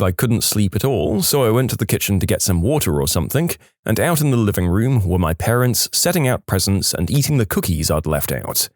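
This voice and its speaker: A man reading reddit stories aloud, lively, dropping into quick voices for the people he quotes. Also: mid-range voice, dry recording, clean studio sound. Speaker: narrator.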